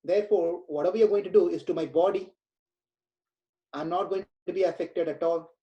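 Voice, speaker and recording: A man voicing a calm, detached sage who reasons patiently with a king while retelling a scripture story. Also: sits high, a little fast, lo-fi sound, lightly acted. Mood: calm reasoning. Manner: calm, reasoning, lightly chiding. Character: calm detached male sage, unbothered and wise.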